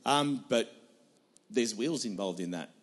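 A man's voice: mid-range voice, expressive, a little slow, husky. A middle-aged man, a pastor, answering on a church panel in an earnest, emphatic way, repeating his points.

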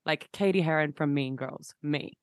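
A young woman with a lowish voice chats as a guest on an interview show. She rambles and gushes, piling up fillers and restarts. The sound is dry and close. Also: moderate pace, dry recording. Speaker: musician guest. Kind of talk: casual interview chat.

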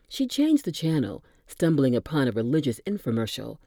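Low, mellow woman reading a story. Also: huge pitch swings, moderate pace, hardly any pauses, no echo, studio quality. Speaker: narrator.

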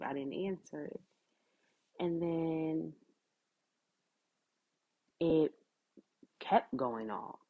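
A woman's voice: sits low, narrow, tinny audio. A woman hosting a podcast, telling a personal story in a casual, conversational way, full of fillers like "like" and "you know". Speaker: podcast host.

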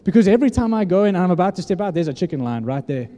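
A man in his thirties preaches to a congregation, slipping into voices as he tells his story. His tone is very dark and mellow, sitting slightly high for a man, and long reverb from the hall trails behind every phrase. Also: racing. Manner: animated storytelling, acts out dialogue. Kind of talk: sermon.

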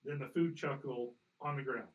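A man working as a hunting guide, coaching someone in a relaxed way, patiently correcting him and demonstrating sounds. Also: mid-range voice, normal speed, recorded from a distance, phone-quality sound, very noisy. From Colorado. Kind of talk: casual coaching.

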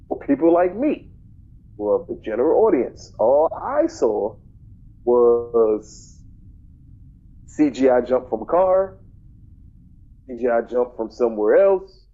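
A man's voice: medium pitch, big pitch swings, takes it slowly, long pauses, narrow, tinny audio. A man co-hosting a casual movie podcast, blunt and opinionated, who often repeats himself. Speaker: podcast co-host.

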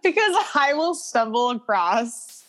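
A woman's voice: on the high side, big pitch swings, slow pace, fairly bright tone. A woman co-hosting a podcast in casual chat, reacting eagerly and laughing often. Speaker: podcast co-host.

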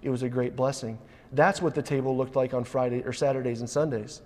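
A man's voice: mid-range voice, steady tone, fairly quick, darkish tone. A man preaching a sermon in a church, earnest, building to urgent emphasis, with frequent restarts. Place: church sanctuary. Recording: long hall reverb.

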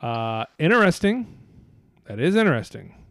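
A man's voice: fairly high pitch, sing-song, moderate pace, no room sound, studio quality. A man hosting a podcast in casual chat. He rambles, swears a lot and laughs often. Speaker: podcast host.

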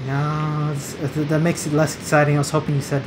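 A man's voice: on the high side, completely flat delivery, a little fast. A man in casual chat, rambling and playfully quizzing the other person with trivia facts. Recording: noisy background hiss.

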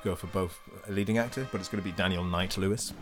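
A man co-hosting a comedy podcast, giggly and quick with puns. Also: low-pitched, fairly even intonation. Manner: giggly, punning. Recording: music clearly behind.

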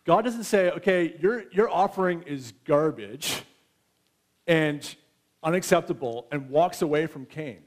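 A man's voice: on the high side, unhurried. A man in his thirties preaching a sermon in a conversational way, often checking in with his listeners. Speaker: pastor.

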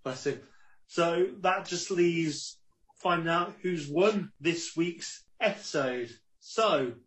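A man's voice: fairly high pitch, slow pace, fairly bright tone, a little hiss or hum. A man hosting a podcast in casual chat, wry and swearing casually as he steers the show. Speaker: podcast host.

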